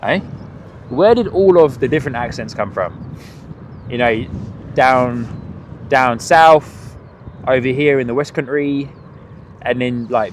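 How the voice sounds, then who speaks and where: A man's voice: mid-range voice, lively intonation, takes it slowly, long pauses. A man hosting a live plane-spotting stream outdoors, chatting with viewers and laughing often. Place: outdoors by an airport on a cold windy morning. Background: wind and outdoor ambience.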